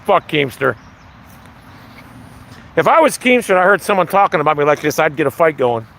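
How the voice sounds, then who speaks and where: A man's voice: a little high, sing-song, brisk, vocal fry, a bit bright. A man talking casually on a live stream outdoors, ranting with lots of swearing. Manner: profane, ranting.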